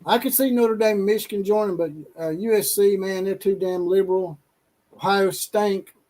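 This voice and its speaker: A man's voice: high-pitched, fairly even intonation, normal speed, dark tone, poor audio. A man hosting a casual sports talk stream, teasing and trash-talking with a laugh. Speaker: show host.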